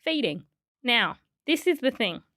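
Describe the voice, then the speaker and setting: A woman's voice: on the high side, sing-song, a little slow, bright, forceful tone, dry recording, clean studio sound. A woman co-hosting a podcast, telling stories animatedly with frequent laughter. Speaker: podcast co-host. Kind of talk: casual chat.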